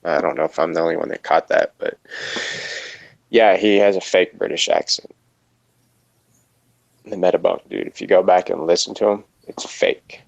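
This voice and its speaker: A man's voice: sits low, steady tone, moderate pace, creaky, long pauses, no echo, muffled recording. A man in a casual online hangout chat, talking in a profane, scoffing way and laughing often, on a video call mic.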